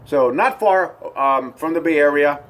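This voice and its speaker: An American vlogger, a middle-aged man, talks to camera outdoors on his porch in a voice slightly higher than most men's, unhurried and fairly bright. He rambles casually in an upbeat, easygoing way, looping back with ums, uhs and restarts.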